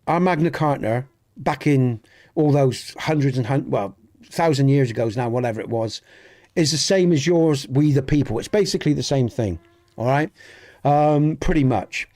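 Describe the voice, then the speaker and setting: Chatting with his stream audience while gaming, this Dorset-accented man speaks at a normal speed in a medium, slightly mellow voice. His talk is earnest and rambling, full of repeated and restarted words.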